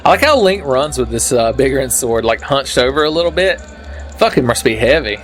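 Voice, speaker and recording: A young man narrates his gameplay with dry sarcasm and plenty of cursing. His voice sits at an ordinary middle pitch. Game music runs clearly under him. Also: animated, brisk. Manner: sarcastic, swears freely. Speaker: let's play commentator. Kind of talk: profane gameplay commentary.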